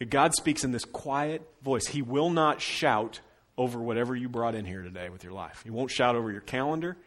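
A middle-aged man preaching an Easter sermon as pastor, swinging between loud, emphatic stretches and hushed, slowed phrases. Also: medium pitch.

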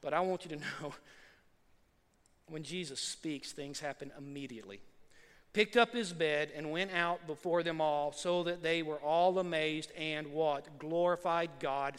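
A high-pitched man preaches with a bright, ringing tone, acting out the people of the story as he goes. His voice trails off in the long reverb of a big hall. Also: a little slow, clear, resonant tone. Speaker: pastor. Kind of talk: sermon.

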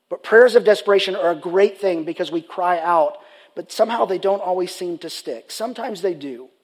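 A man's voice: high voice, husky. A man preaching a sermon, earnest and conversational, often restarting his sentences. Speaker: pastor.

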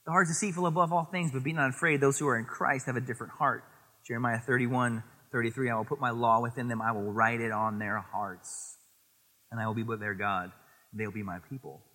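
A man preaching a sermon as pastor, lively and animated, quoting scripture and acting out little voices in his stories. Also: mid-range voice, fast, in a large hall. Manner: animated, acts out voices in anecdotes, quotes scripture.

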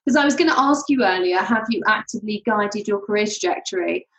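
A woman's voice: mid-range voice, expressive, fast talker, highs cut off. Curious woman interviewer, roomy sound. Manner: encouraging, curious. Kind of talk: casual interview questions.

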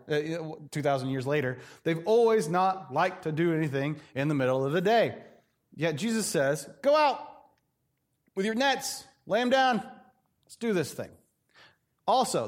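Middle-aged male pastor, high-ish voice, animated preaching that acts out quoted voices. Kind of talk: sermon.

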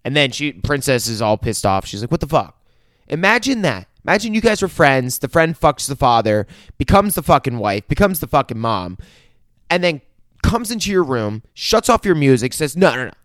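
Casual male recapper, mid-pitched voice, swears constantly, rambles, acts out the characters' lines, dry close sound. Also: moderate pace, dry recording. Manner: profane, rambling, animated retelling with quoted dialogue. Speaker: show recapper.

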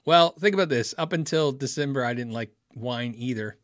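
Reading chat on his casual livestream, a middle-aged host first wanders through a story, chuckling and fixing his own slips, then responds to viewers. He speaks at normal speed in a medium pitch, recorded cleanly in studio quality with no echo.

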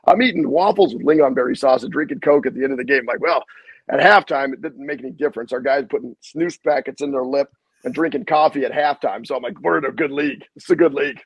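A man's voice: medium pitch, fast talker, husky, no room sound, low-quality recording. A middle-aged man, a head basketball coach, telling stories in a casual interview, acting out quotes with salty language. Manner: animated storyteller, acts out quotes, salty language.

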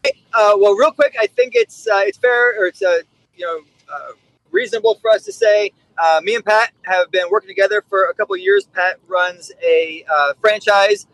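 A middle-aged man with a notably high voice talks candidly and bluntly as a podcast guest. His speech is recorded close and dry, with no room echo around it. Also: very animated, normal speed, a bit bright. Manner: candid, blunt, acts out quotes. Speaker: podcast guest, dog trainer. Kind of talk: casual storytelling.

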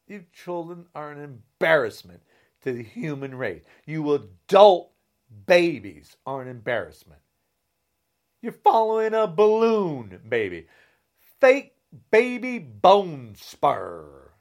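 A man delivering a heated, insulting rant straight to camera, swinging between shouting and a low, menacing growl. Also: big pitch swings, a little slow. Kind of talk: angry political rant to camera.

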